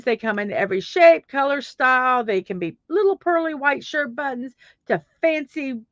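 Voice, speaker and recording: A woman's voice: on the high side, no echo. Rambling woman on a lo-fi stream. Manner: rambling, searches aloud with many fillers. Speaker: livestream host. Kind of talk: casual livestream chat.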